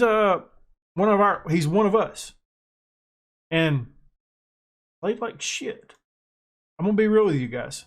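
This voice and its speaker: American guy, gaming commentary, excitable, self-mocking, a bit high-voiced. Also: slow pace, long pauses. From United States. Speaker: gaming YouTuber. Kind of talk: casual gameplay commentary.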